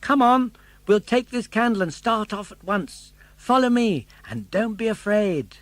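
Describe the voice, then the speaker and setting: A man's voice: unhurried, dry recording. An actor voicing a brave, eager young wooden puppet boy in an audiobook. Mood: urgent. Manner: high excited boyish voice. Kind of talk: audiobook character voice.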